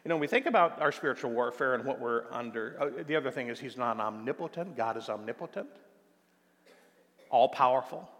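An older American man preaching a sermon as pastor. He talks emphatically, slows down to stress key phrases and uses plenty of fillers. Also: medium pitch, fairly bright tone. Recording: long hall reverb.

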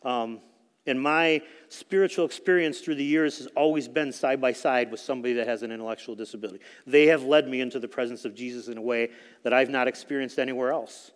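A middle-aged man speaks to a church congregation, telling a story with plenty of ums and restarts. His voice sits at an ordinary pitch for a man. A long reverb from the church hall trails after his words. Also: quick pace, clear, resonant tone. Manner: storytelling, conversational, with frequent fillers. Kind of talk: sermon testimony.

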